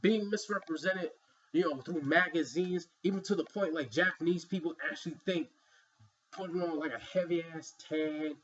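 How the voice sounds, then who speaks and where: A man's voice: on the high side, moderate pace, a bit bright, highs cut off. A man giving an emphatic, rambling opinion commentary, filled with "you know" asides. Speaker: vlogger.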